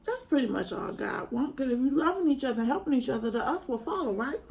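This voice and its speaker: A woman's voice: sits high, lively intonation, fast, creaky, darkish tone, slight background noise, poor audio. A young woman, earnestly and chattily talking to camera at home in a vlog. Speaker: mukbang vlogger. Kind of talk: casual heartfelt chat to camera.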